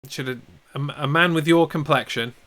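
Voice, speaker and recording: A man co-hosting a casual sports podcast, measured and dryly teasing. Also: on the high side, fairly bright tone. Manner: dry teasing humor, measured. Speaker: podcast co-host.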